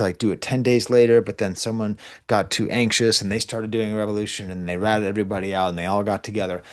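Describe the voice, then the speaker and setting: A man with a somewhat low, slightly mellow voice. He's a college professor delivering a recorded class lecture in a conversational, wandering style, full of asides and restarts.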